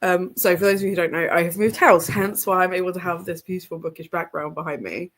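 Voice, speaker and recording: A young woman talks casually on a home reading stream, her voice stuffy and congested. She rambles along with frequent ums and little laughs, her pitch sitting a touch low for a woman. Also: quick pace. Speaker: reading livestream host. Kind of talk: casual livestream chat. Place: home room with bookshelves behind her.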